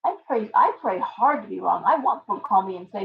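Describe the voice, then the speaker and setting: A woman's voice: medium pitch, animated, fast, creaky, few pauses, lo-fi sound, a little hiss or hum. A woman who runs a tarot shop, chatting casually on a live stream, rambling through stories and acting out her clients' lines.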